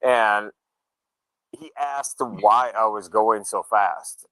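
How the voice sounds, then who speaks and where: Male storyteller, low and dry-miked, punchy tone, laid-back chat. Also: extremely slow, no echo, poor audio. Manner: relaxed, acts out quoted dialogue. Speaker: show regular, motorcyclist.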